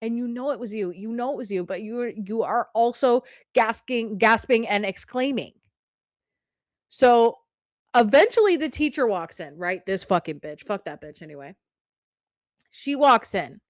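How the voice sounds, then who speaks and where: Young female podcast host with a fairly high voice, animated and profane, recorded dry and close. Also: normal speed, dry recording. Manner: animated, profane, rhetorical "okay?" asides. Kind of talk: casual storytelling.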